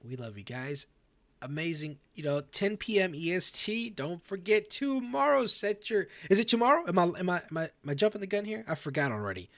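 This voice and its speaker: A man's voice: sits high, expressive, a little fast, dry recording. A man playing a goofy, joking talk show host. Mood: easygoing banter. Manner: joking, stammering restarts. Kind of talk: comedic role-play talk show banter.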